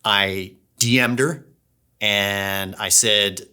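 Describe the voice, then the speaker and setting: A man who creates audio dramas, chatting casually behind the scenes and telling stories in a lively way that sometimes restarts its phrases. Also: on the low side, drawn-out words, clean tone. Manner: chatty, storytelling, restarts phrases when excited.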